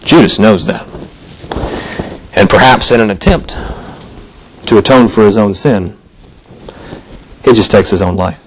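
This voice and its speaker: A man's voice: on the low side, lively intonation, measured pace, pauses often, slight background noise, poor audio. A man preaching a sermon in a church, telling the story in a casual, conversational way and briefly acting out the voices of the people in it. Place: church sanctuary.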